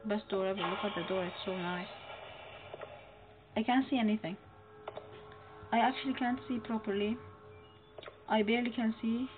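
A woman playing a horror game and commenting as she goes. She is chatty and excitable, and she talks back to the game's characters. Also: mid-range voice, normal speed, long pauses, over music. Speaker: gamer. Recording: muffled phone-like audio with noise.

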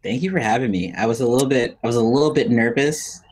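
A man's voice: medium pitch, quick pace, darkish tone, poor audio. A man chatting casually as a guest musician, laid-back, laughing often and swearing casually. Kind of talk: casual chat.

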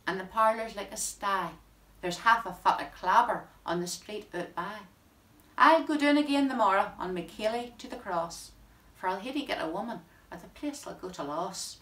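A woman's voice: medium pitch, sharp tone, lightly acted. Woman reading as a rueful greying bachelor farmer. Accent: Northern Irish. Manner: broad rural dialect. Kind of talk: poetry reading in dialect. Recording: roomy sound from a distant mic.

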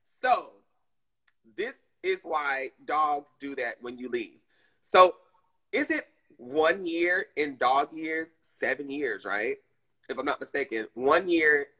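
A woman chatting casually on her live stream, animated and swearing freely, calling her viewers "girl". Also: sits low, slow pace, breathy edge, poor audio.

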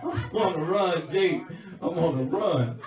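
A middle-aged man doing a crude live stand-up set, muttering then shouting punchlines. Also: on the high side, lively intonation, unhurried. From not from California. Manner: loud, crude, swings between mutters and shouts. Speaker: stand-up comedian. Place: indoor comedy venue stage. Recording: echoey room from far off, loud crowd.

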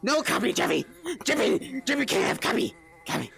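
A man voicing a menacing male clown teacher who talks about himself in the third person, slowly and with deliberate weight, over a headset mic in game chat. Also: extremely high pitch, big pitch swings, gravelly, fairly bright tone, exaggerated voice. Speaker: game player.

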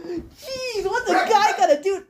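High-voiced woman hamming up a comic dub. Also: big pitch swings, measured pace, very noisy. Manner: hammy, laughing through her lines. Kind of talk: playful amateur comic dub reading.

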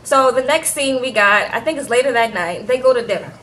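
A woman recapping a reality show in a chatty, animated way, often tagging lines with "okay?". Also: on the high side, a little fast, a little hiss or hum, poor audio. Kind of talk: casual storytelling recap.

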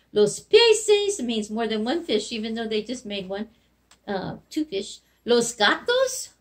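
A woman with a lightly voice teaches young children Spanish animal words in a remote video lesson. Her voice sits a little high and swings widely up and down in a sing-song way. She talks slowly and patiently, coaxing answers.

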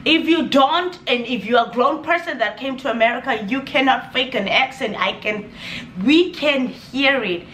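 A young Namibian woman with a Namibian accent, ranting in a casual vlog with exasperated, animated energy and laughing asides. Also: sits high, moderate pace, echoey room, slight background noise. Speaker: vlogger.

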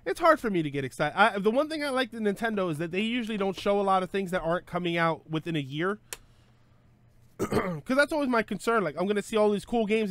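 Rambling, joking man, slightly high voice. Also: lively intonation, fast, a bit bright, faint music behind. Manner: rambling, joking, thinking aloud; self-correcting with frequent fillers. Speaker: streamer host. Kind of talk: casual live-stream chat.

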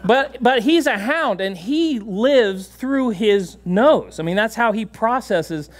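A man preaching a sermon in a church, animated and laughing often, giving commands to a dog on stage. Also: high voice, takes it slowly. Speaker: pastor. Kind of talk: sermon with a live dog demonstration. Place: church sanctuary.

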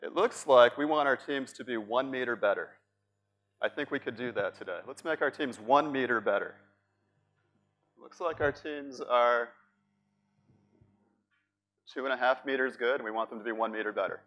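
A man speaking to a live audience at a conference, upbeat and talking straight to the room as he leads a workshop. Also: mid-range voice. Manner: animated, upbeat, addresses the room directly.

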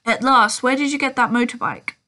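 A woman voicing a calm, wise old male wizard headmaster who speaks in a measured way. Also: fairly high pitch. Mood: relieved.

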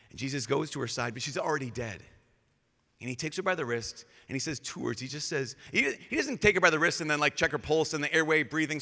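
A man, a priest, giving a lively storytelling talk with casual fillers, acting out quotes in changing voices. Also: on the high side. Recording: live talk with long hall reverb.

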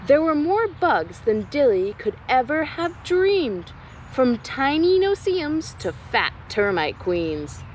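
A young adult woman, a nature educator, reading a rhyming picture book aloud to children at a slow pace. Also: high-pitched, sing-song, slight background noise, rough recording.

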